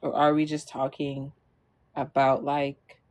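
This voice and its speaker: A woman's voice: a bass voice, flat delivery, slow, a little mellow. A young adult woman streamer telling a story casually to her audience, rambling with lots of fillers and frequent laughs.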